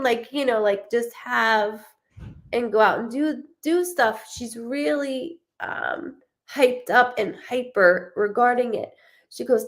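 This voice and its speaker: A woman psychic medium giving a live reading, her voice gravelly with a steady vocal fry. She talks in a chatty, animated way, stopping and restarting sentences and acting out the voices she passes on. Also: on the high side, slow.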